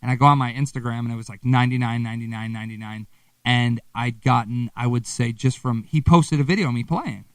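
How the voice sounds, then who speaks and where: A young man from Wisconsin chats as a guest musician, loose and easygoing, with swear words and lively stories. He sits back from the mic in a dry, dead room. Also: medium pitch, brisk, hardly any pauses, no echo, distant mic. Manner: laid-back, swears freely, animated storytelling. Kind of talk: casual interview chat.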